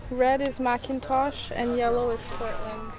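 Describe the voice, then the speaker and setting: A woman chatting casually outdoors at a farm orchard, giving brief, soft replies. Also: on the high side, flat delivery, a little slow, heavy background noise. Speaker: girlfriend of the host. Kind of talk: casual chat.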